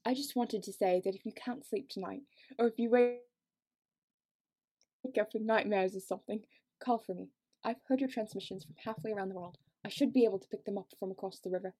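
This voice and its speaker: A woman's voice: medium pitch, a little fast, mellow, slightly rough, no echo, close to an everyday voice. A woman voicing an earnest teenage boy in a made-up British accent while reading a story aloud on a podcast.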